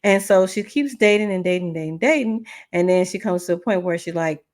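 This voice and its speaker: A woman relationship coach hosting a podcast, telling a story in an animated, conversational way and speaking straight to her listeners. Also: lowish voice, fairly quick, hardly any pauses. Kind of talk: casual storytelling.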